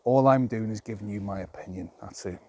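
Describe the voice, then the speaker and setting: A man's voice: fairly low pitch, brisk, noisy background. A man talking to camera outdoors in a rambling, plain-spoken, exasperated monologue of his opinions. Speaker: vlogger.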